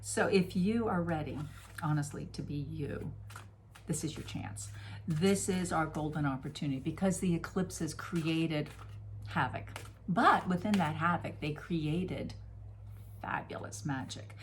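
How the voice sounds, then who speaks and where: She's middle-aged, with a voice that sits low and moves a little slowly, and there's a slight hiss or hum. Her spoken oracle card reading is casual and gushing, playful, with sudden exclamations.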